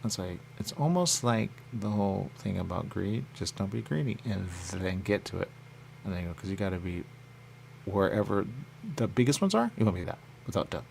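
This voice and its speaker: Deep gravelly man, rambling talk. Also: animated, a little fast, a little mellow, slight background noise. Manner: rambling, repeats "there you go" constantly; acts out others in a high voice. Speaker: radio show host.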